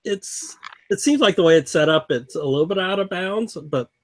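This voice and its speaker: A man's voice: high-pitched, lively intonation, moderate pace, dry recording. A man narrating as game master in a loose, casual way, often repeating his words.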